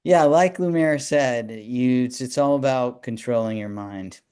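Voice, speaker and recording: A man chatting as a guest in a casual group talk, hesitant and halting with many fillers. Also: medium pitch, a little mellow, clear, resonant tone.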